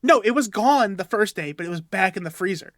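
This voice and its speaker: A man's voice: high-pitched, lively intonation, a little fast, no echo, studio quality. A young man co-hosting a podcast, telling a rambling story about himself while laughing between sentences. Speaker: podcast co-host. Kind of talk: casual storytelling chat.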